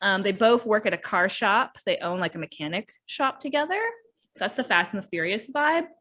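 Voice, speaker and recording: A woman hosts a relaxed book review chat. She talks freely and often drops into quoted lines from the characters as she tells the plot. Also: mid-range voice, a little fast. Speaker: podcast host reviewing books.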